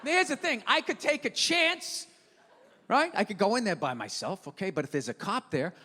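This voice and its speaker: A man performing stand-up comedy, ranting with profanity and loud outbursts. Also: high-pitched, huge pitch swings, normal speed. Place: comedy venue stage. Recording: live show in a large hall with audience.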